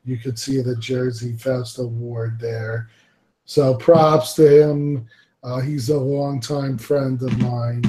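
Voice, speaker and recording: A man hosting a casual collectors' panel talk, relaxed and laughing easily as he gives shout-outs. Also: mid-range voice, slow pace. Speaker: podcast host. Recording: roomy echo.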